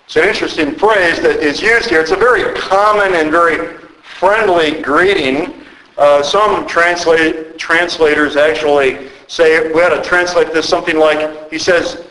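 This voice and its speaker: A man preaching a sermon as pastor, slow and emphatic with dramatic pauses. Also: fairly high pitch, steady tone, a bit bright, reverberant, rough recording.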